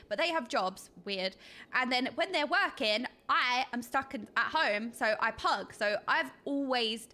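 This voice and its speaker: A woman streaming a game, chatting casually in a rambling, animated way that repeats points as she goes. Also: fairly high pitch. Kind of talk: casual stream chat while gaming.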